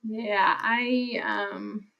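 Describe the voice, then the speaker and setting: A woman's voice: medium pitch, sing-song, very slow, muffled recording. A woman from Ohio, a social worker, speaking as an interview guest. She talks hesitantly, with fillers and trailing starts. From Ohio, USA. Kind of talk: casual interview chat.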